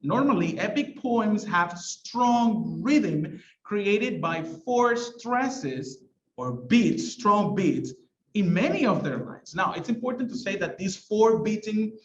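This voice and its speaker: A man teaching a literature lesson, explaining things step by step and sometimes reading verse slowly with heavy stresses. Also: high-pitched, lively intonation, echoey room, highs cut off, a little hiss or hum.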